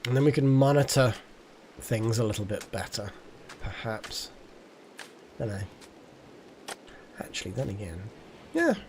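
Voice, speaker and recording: A man's voice: medium pitch, unhurried, pauses often, a little mellow, slight background noise. A man streaming a game live, chatting casually and thinking aloud as he plays. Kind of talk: casual live gameplay commentary.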